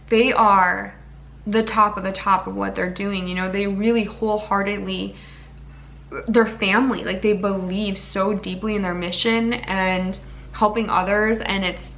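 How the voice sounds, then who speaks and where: A young woman talks to her camera in a casual vlog, earnest and rambling, sometimes getting emotional. Her voice is bright and forceful with a gravelly edge. A faint hiss sits under the recording. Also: mid-range voice. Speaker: vlogger.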